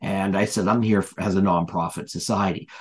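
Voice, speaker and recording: A man's voice: deep voice, steady tone, fairly quick, husky. A man who is a podcast guest, telling a long story in casual chat, rambling with many fillers and restarts and retelling what people said.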